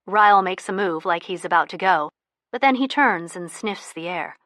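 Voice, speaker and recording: A woman narrating a first-person audiobook in a soft, intimate manner, close to the mic. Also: lowish voice, lively intonation, normal speed, no room sound.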